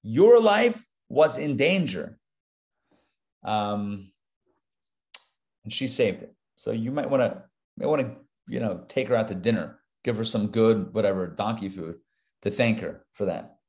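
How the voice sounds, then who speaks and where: A man's voice: fairly low pitch, moderate pace, a little mellow. A male rabbi teaching a live Torah class, talking conversationally and dropping joking asides as he reads the text.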